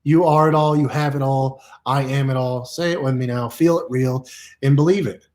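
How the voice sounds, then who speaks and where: A man's voice: mid-range voice, fairly even intonation, normal speed, darkish tone. A man giving playful, repetitive self-help affirmations to camera, exuberant and goofy, laughing often.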